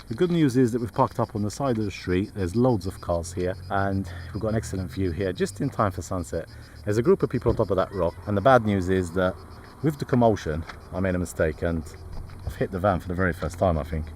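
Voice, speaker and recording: Deep-voiced guy talking to camera by his van, exclamatory, some faint noise. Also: brisk, a little mellow. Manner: chatty, exclamatory, frustrated. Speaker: travel vlogger. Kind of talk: casual vlog to camera. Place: camper van and outdoors at a rock site.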